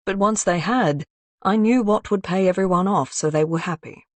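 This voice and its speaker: A woman voicing a calm, menacing male crime boss in an audiobook, speaking in a cool, measured and quietly threatening way. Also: high-pitched, no echo, natural voice.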